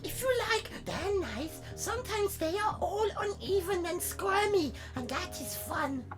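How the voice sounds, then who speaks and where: A woman's voice: very high voice, lively intonation, a little slow. A woman voicing a whimsical woman who delights in reshaping her servants, in an airy, gushing manner in a tabletop role-play. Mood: delighted. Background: background music.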